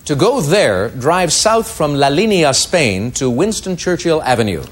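A man hosting a quiz show, reading out clues crisply and giving brief verdicts. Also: fairly high pitch, very animated, unhurried.

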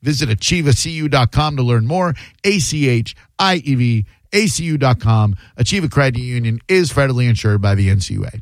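A man's voice: mid-range voice, animated, no room sound. A man hosting a radio show, joking with callers and reading ads in a casual, sarcastic way. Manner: joking, sarcastic, quick banter. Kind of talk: casual radio talk and live ad reads. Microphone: studio microphone.

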